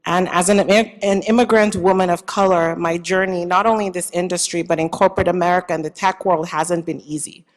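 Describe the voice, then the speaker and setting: A woman's voice: on the low side, steady tone, brisk, hardly any pauses. A woman from Nigeria with a Nigerian accent, giving a heartfelt award acceptance speech with faith and self-deprecating humor. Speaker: award honoree. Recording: long hall reverb.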